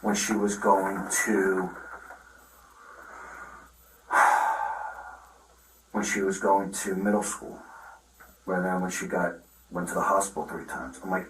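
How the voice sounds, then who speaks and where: A middle-aged father telling the police a long, halting account with many restarts, recorded on a body camera. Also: low voice, fairly bright tone, slight background noise. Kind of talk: recounting events in a conversation. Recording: roomy, from far off the mic.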